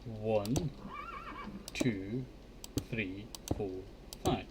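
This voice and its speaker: Low-ish and very slow, this man's voice comes through heavy background noise and clear keyboard clicks. He's streaming Minecraft survival with casual commentary, counting blocks under his breath, talking to himself, and getting annoyed at mobs.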